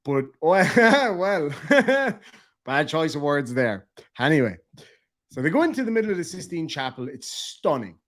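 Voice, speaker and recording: A young Irish man with a lively, animated delivery, telling a comic story and laughing as he swears. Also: fairly high pitch, a little slow. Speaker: vlogger.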